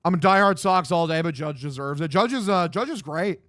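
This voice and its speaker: At home, a young man streams a game, calling play-by-play and chatting loosely with viewers, reading chat aloud and answering with plenty of profanity. His fairly high, bright voice is expressive and brisk, with clean studio-quality sound and no echo.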